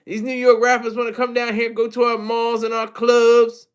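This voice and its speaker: Man doing a loud brash Southern rapper. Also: very high voice, completely flat delivery, moderate pace, clean tone. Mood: defiant. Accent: Southern US, put on. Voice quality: loud, near-yelling delivery. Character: brash Southern male rapper, fired up and defiant.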